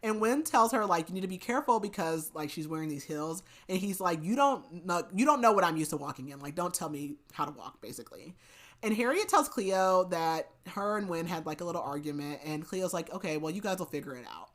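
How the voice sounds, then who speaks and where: A woman's voice: on the low side, expressive, a little fast, fairly bright tone. A woman hosting a podcast, casually retelling a book's plot with lots of "like" and "basically", adding laughing asides. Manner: chatty retelling, heavy use of "like" and "basically". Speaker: podcast host. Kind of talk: casual book recap.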